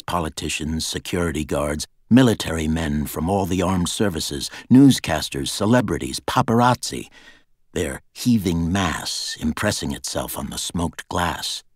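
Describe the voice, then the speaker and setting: Male thriller narrator, very low voice, deliberate reading, dead-dry booth sound. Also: lively intonation, husky, no echo. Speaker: audiobook narrator. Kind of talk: scripted narration.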